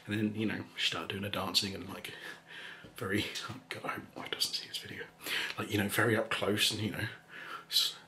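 A man telling a rambling story in a soft, casual way, laughing often and slipping into whispers. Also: fairly low pitch, slight background noise. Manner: rambling and chuckling, drops into whispers. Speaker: ASMR channel host.

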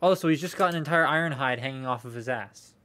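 A man's voice: medium pitch, fast, sharp tone. A young man chatting casually on a live stream while unboxing collectible toys, rambling, swearing freely and answering viewer comments.

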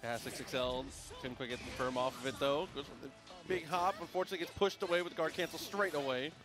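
A man giving steady play-by-play commentary on a fighting game match, explaining the technique. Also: a little high, fast talker, over music. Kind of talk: live esports commentary.

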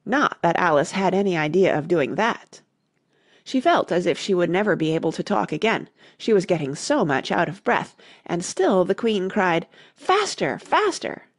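A woman narrating an audiobook in an expressive storytelling manner. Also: fairly low pitch, moderate pace, dry recording, studio quality. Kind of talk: scripted narration.

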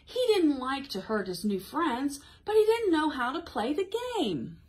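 A woman librarian hosting a toddler storytime, coaxing little listeners to count along and reading a picture book aloud. She speaks slowly and clearly, her fairly high voice rising and falling in a lively sing-song. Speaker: children's librarian.

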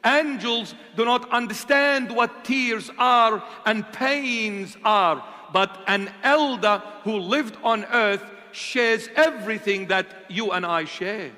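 High-voiced preaching bishop in a reverberant church. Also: male voice, slow pace, hardly any pauses. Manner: impassioned, rhetorical questions, swings from loud to hushed. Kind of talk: sermon.

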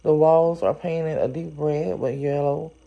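Slow, gravelly, low-voiced woman storyteller. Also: dull audio. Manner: reads steadily, then breaks in with animated, exclaiming asides. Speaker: storyteller reading a novel aloud. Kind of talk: story reading with chatty reactions.

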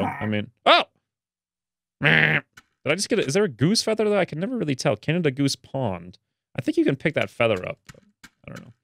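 Excitable man narrating his gameplay. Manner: chatty, excitable, jumps to high pitch when delighted. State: stuffy nose. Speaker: let's play gamer. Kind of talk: casual gameplay commentary.

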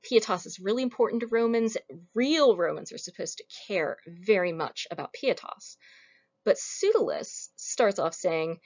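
A woman's voice: mid-range voice, expressive, normal speed. A woman giving a recorded lecture in a casual, wry, conversational way. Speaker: lecturer on Roman comedy. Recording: muffled lo-fi recording.

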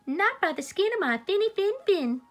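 A woman voicing a brave, tiny fish from a children's storybook, giving a squeaky, defiant reply. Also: sing-song, normal speed.

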